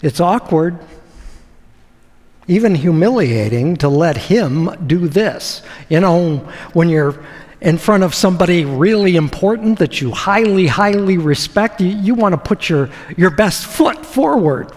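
Male pastor, sermon, high animated voice, unhurried delivery, reverberant hall sound. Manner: conversational, asks the audience questions, with deliberate pauses.

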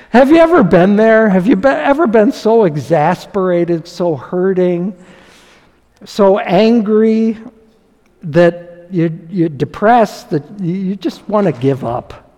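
A man's voice: high voice, a little mellow, in a large hall. A man preaching a sermon as pastor, reading scripture dramatically and talking animatedly with chuckles.

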